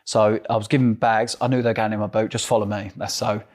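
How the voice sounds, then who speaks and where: A man's voice: fairly low pitch, little pitch movement, fast talker, darkish tone. A middle-aged man with an Essex accent, an interview guest telling his story animatedly and acting out the voices of others. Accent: Essex English. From England.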